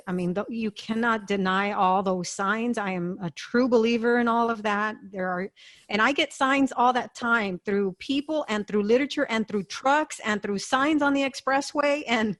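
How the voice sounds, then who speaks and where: A woman's voice: medium pitch, a little slow. A woman hosting a podcast interview, answering her guest with earnest, faith-filled affirmation. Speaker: podcast host.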